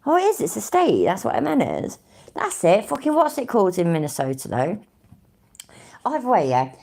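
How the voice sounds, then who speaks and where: A woman's voice: mid-range voice, very animated, moderate pace, creaky, darkish tone. An English woman rambling casually on a live stream, thinking aloud, humming to herself and swearing freely. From England.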